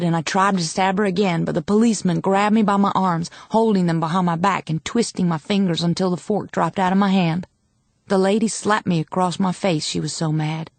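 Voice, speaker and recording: A woman reads an audiobook with a measured, dramatic first-person delivery. Her voice sits on the low side and the recording is close and dry, with no room sound. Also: darkish tone, dry recording. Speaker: audiobook narrator. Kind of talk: scripted audiobook narration.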